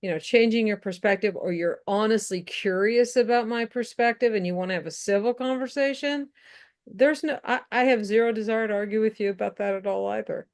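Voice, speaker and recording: A woman's voice: mid-range voice, a little fast. A woman co-hosting a casual political podcast, talking frankly and bluntly, often restarting her sentences. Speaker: podcast co-host.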